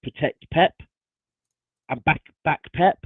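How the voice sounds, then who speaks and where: A man's voice: fairly high pitch, slow, husky, no echo, phone-quality sound. Guy ranting about football, swears loads, sounds like a cheap phone mic, dead dry. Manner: exasperated and passionate, swears a lot. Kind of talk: casual football chat on a livestream.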